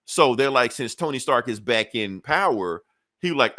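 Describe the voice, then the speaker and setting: A man recaps a comic book in loose, casual talk, acting out each character's lines with cursing and frequent laughs. His voice sits mid-pitch but swings widely and animatedly. The recording is dry and close, with no room sound. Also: lively intonation, moderate pace, bright, forceful tone, no echo.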